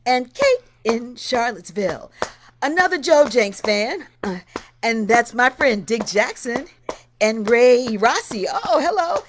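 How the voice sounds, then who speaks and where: A woman's voice: fairly high pitch, big pitch swings, a little slow, background noise. A woman hosting a livestream over a video call, greeting viewers by name with effusive exclamations. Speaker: host.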